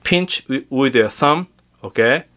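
A man's voice: mid-range voice, lively intonation, slow, a bit bright. A man teaching guitar tricks in a casual, unedited way, chatty and full of fillers and restarts.

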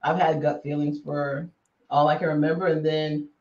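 A woman guest telling a story in a casual interview, animated and laughing often. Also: sits low, normal speed, dull audio. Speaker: psychic guest. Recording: distant roomy remote call audio.

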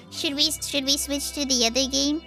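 A woman streaming games live, talking excitably with frequent giggles and dramatic outbursts. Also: high-pitched, slow pace, soft background music. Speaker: game streamer. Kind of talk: live gameplay commentary.

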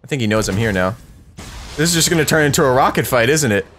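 A young man doing live gameplay commentary for his channel, excitable and talking straight to his viewers. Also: mid-range voice, fast talker, soft background music. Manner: excitable, talks to viewers, shouts at wins. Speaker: gaming YouTuber.

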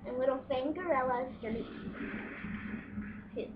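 A woman's voice: high voice, normal speed. A woman improvising a doll-play story, voicing several characters in turn with gasps and squeals, recorded on a home camera. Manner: playful, switches between character voices with squeals and gasps. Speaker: doll-play video maker. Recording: muffled home video with loud background noise.

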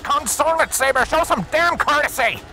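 Guy doing a hot-headed country pony mare, blunt, way higher than his own voice, bright and kinda gravelly. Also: lively intonation, a little slow, faint music behind, exaggerated voice. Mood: furious. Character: brash hot-tempered female earth pony mare.

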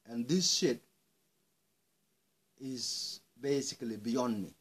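Angry husky man ranting. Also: mid-range voice, a little slow, pauses often. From South Sudan. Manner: angry, swearing, rising to shouted outbursts. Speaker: speaker airing grievances. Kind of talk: impassioned monologue.

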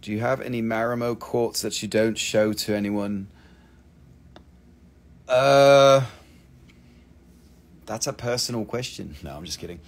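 Excitable, profane crystal seller. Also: male voice, lowish voice, fairly quick, few pauses. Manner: excitable, profane sales patter. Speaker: host selling crystals. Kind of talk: live sales stream.

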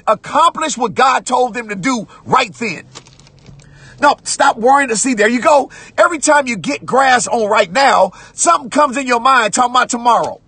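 A man preaching a sermon as pastor, repeating phrases and breaking into shouts while reading scripture. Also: very high voice, slightly rough, no echo. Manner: preaching with repetitions, rising to shouts; conversational church talk, "watch this".

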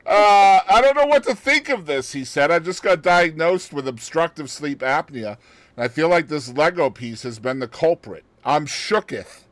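Lively, high-voiced male podcast host. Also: normal speed, dry recording. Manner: animated storyteller who laughs and adds joking asides. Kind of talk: casual podcast chat, reading out a news story.

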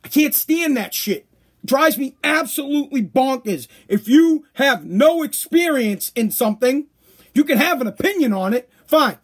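A man's voice: extremely high pitch, expressive, moderate pace, husky. A man hosting a podcast, ranting bluntly and profanely in a casual monologue. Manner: profane, blunt, worked-up rants. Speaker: podcast host.

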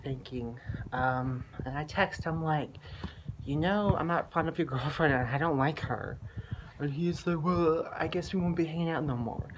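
A woman's voice: sits low, pushed and bright, slight background noise, low-quality recording. A woman telling a vlog story in a heated, profane way. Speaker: vlogger.

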